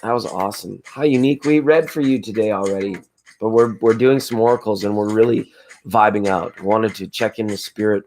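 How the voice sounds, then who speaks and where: A man with a hoarse voice hosting a laid-back late-night tarot livestream, chatting with viewers in a rambling, spiritual way. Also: lowish voice, brisk, darkish tone, slight background noise. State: hoarse from screaming at a football game. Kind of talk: casual late-night chat reading viewer comments.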